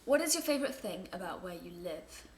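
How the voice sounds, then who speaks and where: Very animated and a little fast, this lowish female voice belongs to a young Englishwoman. She chats casually to camera at home about viewer questions, wandering off on asides that amuse her. Faint background noise and room echo are present.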